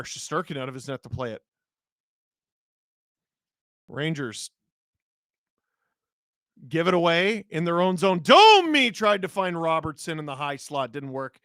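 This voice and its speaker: Hoarse man calling hockey live. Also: a little high, no echo. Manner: rapid play-by-play with sudden excited shouts. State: hoarse from a cold. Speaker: host, live game watch-along. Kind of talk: live hockey play-by-play and chat reading.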